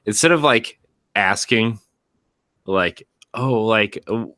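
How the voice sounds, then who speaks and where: A man co-hosting a casual podcast, recalling a family talk in a rambling, halting way. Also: fairly low pitch, pushed and bright, no room sound, clean studio sound. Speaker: podcast co-host. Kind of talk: casual chat.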